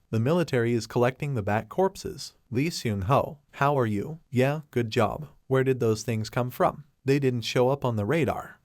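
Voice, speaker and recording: Male narrator for a comic recap: flat, even read, no room sound. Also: mid-range voice, no echo, clean studio sound. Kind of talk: scripted narration voicing every character.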